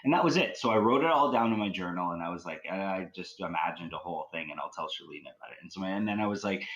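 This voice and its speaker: A man's voice: low voice, fairly bright tone, poor audio. A man from Canada, a guest on a podcast, telling a story casually and rambling with lots of fillers. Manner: rambling, with many "like" and "you know" fillers.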